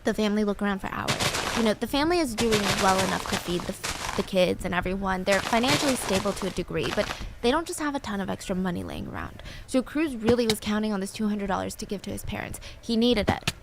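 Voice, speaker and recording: A woman's voice: medium pitch, sing-song, fast, gravelly, heavy background noise. Chatty woman telling a true story. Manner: chatty, peppered with "like" and asides. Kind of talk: casual story narration.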